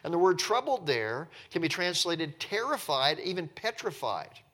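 A man's voice: on the high side, very animated, moderate pace, fairly bright tone. A man leading a Bible study, telling the story with enthusiasm and acting out the quotes. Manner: acts out quotes and laughs often.

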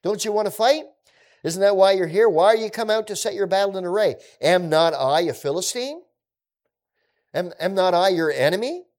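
A man voicing a boastful giant warrior who mocks and challenges his enemies with loud calls. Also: high-pitched, moderate pace, pitched above the performer's own voice. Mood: taunting.

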